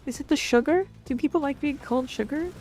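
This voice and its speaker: A woman's voice: high voice, quick pace, darkish tone, soft background music. A woman from Canada streaming live, chatting casually and frankly with her chat, with some swearing and jokes. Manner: frank, profane, joking. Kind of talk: casual chat reading and answering chat.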